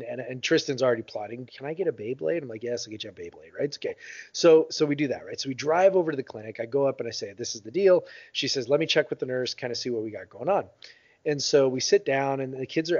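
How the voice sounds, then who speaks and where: A man in his thirties, co-hosting a podcast, telling a long anecdote in casual chat, with many fillers and lively voiced quotes. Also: mid-range voice, no echo. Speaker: podcast co-host. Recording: dull lo-fi podcast audio.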